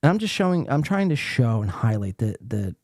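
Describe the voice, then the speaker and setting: A man's voice: medium pitch, big pitch swings, a little fast, vocal fry, darkish tone, no room sound, clean studio sound. A man from the East Coast hosting a podcast, reacting sarcastically to a livestream and reading chat aloud with plenty of swearing. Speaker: podcast host. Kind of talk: casual commentary on a livestream.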